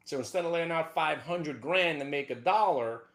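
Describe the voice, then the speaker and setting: A man hosting a trading show, talking fast and excitedly over charts, dropping to a low mutter and then bursting into whooping shouts.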